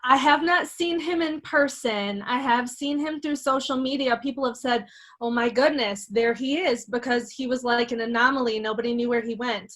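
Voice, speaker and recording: High, bright woman speaking earnestly. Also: normal speed, rough recording. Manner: earnest, reflective, emphatic. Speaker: guest. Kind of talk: casual chat.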